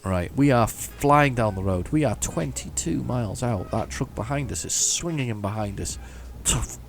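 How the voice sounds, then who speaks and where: A man's voice: medium pitch, animated, moderate pace, vocal fry, soft background music. A man giving chatty, mock-heroic commentary while playing a driving game. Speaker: gaming channel host. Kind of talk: casual gameplay commentary.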